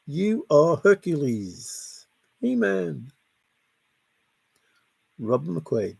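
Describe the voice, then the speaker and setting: A man's voice: medium pitch, animated, slow pace, gravelly, long pauses, darkish tone, husky, no echo. A man hosting a casual livestream, reading chat and greeting viewers by name in a jokey, chatty way. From half Italian, half Scottish heritage.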